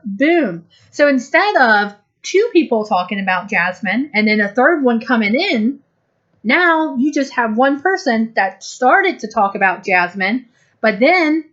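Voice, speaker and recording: A woman giving a channeled spiritual talk, speaking slowly, gently and deliberately, and acting out small quoted exchanges. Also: sits high. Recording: dull lo-fi recording.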